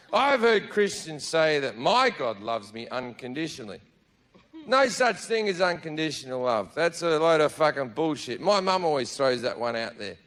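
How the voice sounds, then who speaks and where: A man's voice: a little high, a bit bright. A man with an Australian accent doing a stand-up set on stage, crude, sardonic and profane. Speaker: stand-up comedian. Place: theater stage before a live audience.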